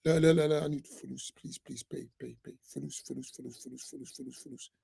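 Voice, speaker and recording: A man voicing a pleading beggar who chants over and over for money in a low muttered drone. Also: steady tone, quick pace, creaky, mellow, breathy edge, dry recording, heavily acted.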